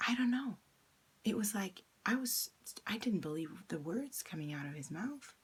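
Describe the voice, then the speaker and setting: A woman's voice: mid-range voice, animated, normal speed, breathy edge. A young woman candidly recounting a personal experience in a vlog, acting out the quoted lines as she retells them. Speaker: vlogger.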